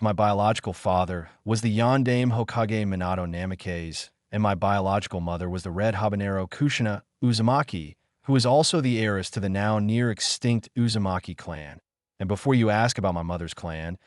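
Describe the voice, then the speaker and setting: A man's voice: fairly low pitch, dry recording, clean studio sound, natural voice. A man voicing a confident teenage boy ninja explaining himself in a storybook reading. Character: brash teen male ninja, self-assured.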